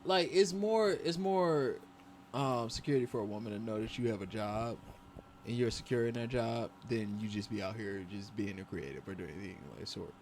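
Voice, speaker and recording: A man's voice: fairly low pitch, a little fast, a little mellow. A man in a casual podcast conversation who talks loosely in slang. He uses lots of fillers and curses freely. There is a faint background hiss. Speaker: podcast co-host.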